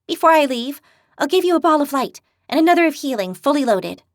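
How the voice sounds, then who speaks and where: A grumpy, spirited young healer with a blunt, quarrelsome edge and plenty of fight in her, as a woman narrator puts her on. Her voice sits high and swings widely, and the recording is close and dry. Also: very animated, quick pace, no echo.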